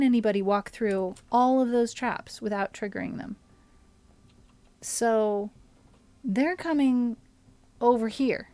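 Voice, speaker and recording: A woman streamer giving casual commentary while she plays a game, thinking aloud and often dropping to a soft mutter. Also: a little high, slow pace, long pauses, no room sound.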